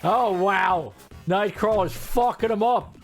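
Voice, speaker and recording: A young man giving casual, joking gameplay commentary, excitable and swearing freely, with game music faint behind him. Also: sits high, slow pace. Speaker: gaming streamer.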